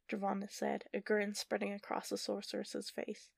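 A woman narrating a fantasy story in a steady, measured audiobook style. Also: mid-range voice, gravelly, slightly rough, no echo, clean studio sound.

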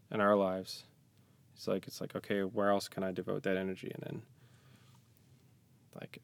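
Man, lowish voice, tired, halting, reflective, podcast guest in a closet. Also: dry recording. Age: young adult to middle-aged, a parent. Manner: soft-spoken, halting, reflective with joking asides. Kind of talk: casual podcast chat. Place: small closet studio.

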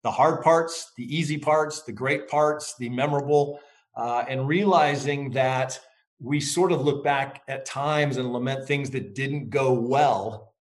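A middle-aged man being interviewed as an author. He speaks in a reflective, measured way and tells stories. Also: medium pitch. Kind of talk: interview conversation.

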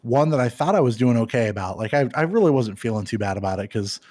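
A man's voice: medium pitch, lively intonation, quick pace, darkish tone, no room sound. A man co-hosting a podcast, rambling and swearing through casual chat and laughing often. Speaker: podcast co-host.

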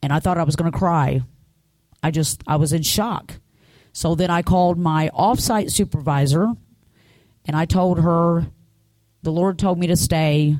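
A woman's voice: on the low side, measured pace, darkish tone, no echo. Middle-aged woman, church testimony, earnest and conversational, close dry recording. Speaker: church speaker giving a testimony. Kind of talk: personal testimony.

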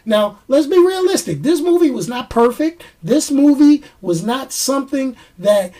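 Animated, jokey man reviewing a movie. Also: extremely high pitch, measured pace. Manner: animated, jokey, acts out fight scenes with sound effects.

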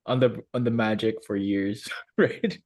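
A man's voice: fairly low pitch, steady tone, a little slow, darkish tone. A man co-hosting a podcast in a laid-back, easygoing casual chat. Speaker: podcast co-host.

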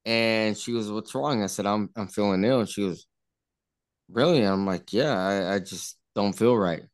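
A man's voice: lowish voice, moderate pace. Rambling man telling a story. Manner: rambling, repeats himself, acts out quotes. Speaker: party guest. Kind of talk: casual storytelling. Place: indoor party room.

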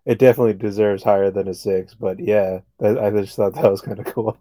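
A young man with a lowish voice trades laid-back, crude jokes in casual podcast chat. His sound is dry and close to the mic. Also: fairly even intonation, fast talker, dark tone, dry recording. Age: young adult. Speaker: podcast co-host.

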